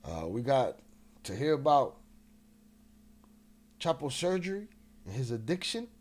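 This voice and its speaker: A man's voice: mid-range voice, big pitch swings, unhurried, a little mellow. A man hosting a casual livestream, restless and agitated, swearing often and greeting chat members, with a slightly nasal voice. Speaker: livestream host.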